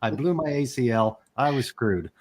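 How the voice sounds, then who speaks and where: A man's voice: mid-range voice, expressive, normal speed. A man in his forties, a podcast guest telling a personal story in a candid, emotional way and swearing casually. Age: 40s.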